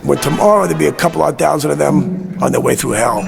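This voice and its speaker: A man's voice: a little high, quick pace, gravelly, music in the background. An actor playing a rattled, haunted man who insists he knows what is coming, in a mid-century drama. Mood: bitter musing. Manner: agitated, insistent, bitter. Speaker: lead character.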